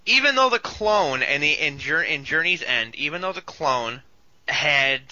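Enthusiastic and jokey, this podcast co-host chats casually as a fan, often slipping into funny voices to quote lines. He speaks on the high side, animated but a little slow, with a sharp tone, no echo, and dull lo-fi audio.

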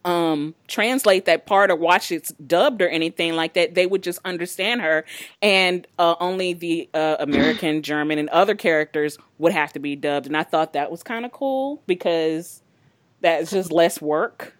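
A woman co-hosting a podcast, reviewing a movie in casual chat with halting, filler-heavy speech. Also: on the low side, no echo, studio quality. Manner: hesitant, halting, many fillers. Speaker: podcast co-host.

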